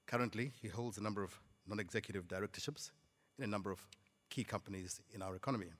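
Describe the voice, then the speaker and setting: A man's voice: lowish voice, breathy edge. A man formally introducing a speaker at a conference, hesitant with fillers. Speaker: event chairman introducing a speaker. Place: conference hall. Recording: long hall reverb.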